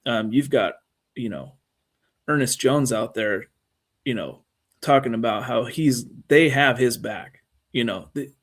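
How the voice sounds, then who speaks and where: A man's voice: medium pitch, lively intonation, unhurried, pauses often. A man co-hosting a casual sports talk show, rambling through his points with many fillers and restarts. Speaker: co-host.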